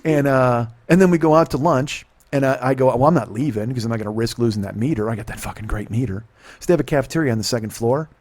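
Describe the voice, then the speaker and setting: A man's voice: mid-range voice, fast talker. Profane man telling a story. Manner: profane, animated retelling with quoted dialogue. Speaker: podcast host. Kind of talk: casual storytelling.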